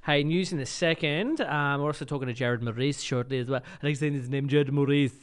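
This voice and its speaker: A man's voice: mid-range voice, a little fast, smooth. A man co-hosting a radio show, chatting casually and telling jokey stories with silly voices. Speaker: radio host.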